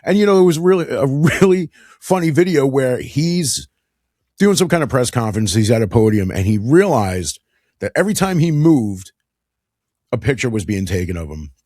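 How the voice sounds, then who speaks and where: A man's voice: mid-range voice, sing-song, normal speed, a little mellow, dry recording, studio quality. A man hosting a casual monologue show, talking with enthusiasm in a chatty way and laughing often. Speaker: podcast host.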